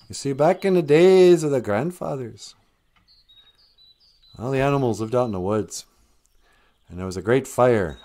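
A man's voice: fairly low pitch, a little mellow. Chatty, chuckling middle-aged male storyteller. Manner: chatty and chuckling, with frequent restarts. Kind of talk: casual spoken storytelling.

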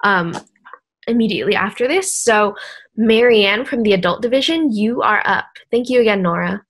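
A woman moderating a writing showcase at a middle pitch. She introduces readers and puts formal, prepared questions in a polite tone. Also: animated, normal speed.

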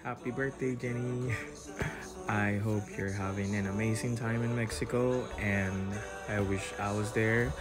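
A man's voice: lowish voice, steady tone, unhurried, over loud music. A man recording an earnest, emotional birthday video message for a friend.

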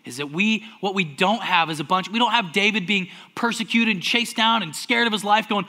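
A man's pastor voice, pitched high and bright, preaching with a lively, conversational sermon style. He swings from loud, acted-out outbursts down to hushed near-whispers. He sounds like a young adult. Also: a little fast, few pauses.

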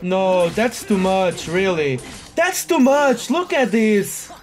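A man narrates his own gameplay in a drawn-out, unhurried way, though he keeps bursting into exclamations and curses at a tough boss. Faint game music plays underneath his voice. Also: sits high. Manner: excitable, exclaiming and cursing at a boss fight. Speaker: gaming video host. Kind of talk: live gameplay commentary.

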